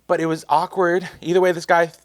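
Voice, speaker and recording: A man's voice: fairly high pitch, level tone, fairly quick, dry recording, clean studio sound. A young man telling a casual storytime vlog, rambling and self-mocking, full of filler words. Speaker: vlogger.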